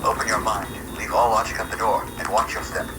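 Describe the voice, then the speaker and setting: A man putting on the voice of a dramatic announcer who intones a slow, ominous welcome. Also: on the low side, flat delivery, noisy background, pitched below the performer's own voice, close to an everyday voice. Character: ominous male announcer welcoming to a strange zone. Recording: loud music bed behind the voice.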